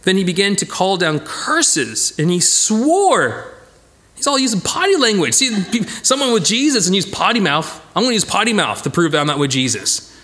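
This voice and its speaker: A man teaching a casual Bible study, who talks in a lively way and acts out the people in the story. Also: sits high, moderate pace. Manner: animated, acts out voices of the characters.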